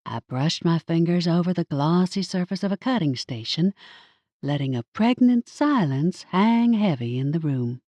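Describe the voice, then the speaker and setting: A woman with a low voice narrates a first-person audiobook, taking her time with a measured, wry delivery. Her pitch rises and falls with a lot of expression. The close studio recording is dry. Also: expressive, darkish tone, dry recording, highs cut off.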